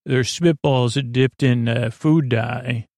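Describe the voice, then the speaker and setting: A man hosting a podcast, casually recapping a show episode in a halting way with many fillers and restarts. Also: mid-range voice, fairly even intonation, creaky, darkish tone, no echo, studio quality. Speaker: podcast host.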